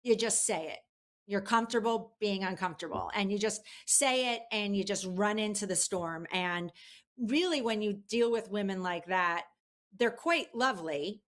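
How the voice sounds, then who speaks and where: A woman guest in a casual interview, telling an animated story with lots of fillers. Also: medium pitch, normal speed. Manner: chatty, animated, many fillers. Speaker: guest, publicist.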